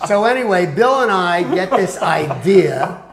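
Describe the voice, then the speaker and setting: A man's voice: high voice, unhurried, crowd noise. An older man telling anecdotes as a guest in an interview, acting out the voices of the people in his stories. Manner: animated storyteller who acts out other people's voices. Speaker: guest recalling a music career. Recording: echoey room.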